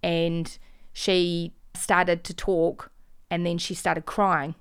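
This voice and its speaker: Smooth-voiced woman recounting events earnestly. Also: lowish voice, flat delivery, extremely slow. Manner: earnest, emotional retelling, often dropping quiet. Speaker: mother recounting a protest. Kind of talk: personal eyewitness account.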